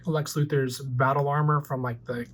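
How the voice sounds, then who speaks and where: A man's voice: mid-range voice, little pitch movement, moderate pace. A man in his forties casually retelling a movie plot as a toy collector vlogger, rambling loosely with lots of fillers. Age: 40s.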